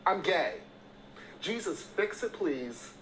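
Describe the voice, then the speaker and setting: A man's voice: sits high, sing-song, takes it slowly, a crowd in the background, rough recording. A man telling a funny story in a short social video, dramatic and exasperated. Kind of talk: storytelling clip.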